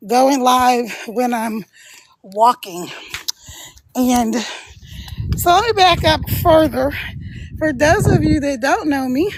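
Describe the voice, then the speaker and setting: High-voiced chatty woman, slightly out of breath. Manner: chatty, laughs often, talks straight to viewers. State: out of breath from walking uphill. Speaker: live streamer and online business coach. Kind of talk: casual livestream chat while walking. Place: outdoors on a hill.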